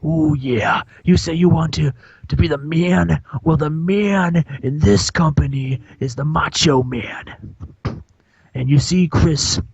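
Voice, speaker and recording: A man doing an impression of a boastful wrestling legend with a slow, gravelly drawl. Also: a little high, dry recording, full character voice. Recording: dull dry lo-fi mic.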